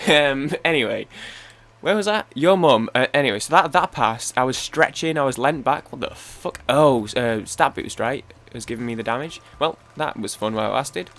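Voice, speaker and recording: A man's voice: medium pitch, lively intonation, moderate pace, fairly bright tone. A young man with a Manchester accent, rambling casually while playing a game, interrupting himself and swearing. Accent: Manchester English. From Manchester, England. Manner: rambling, self-interrupting, swears, trails off mid-story. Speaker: gaming YouTuber.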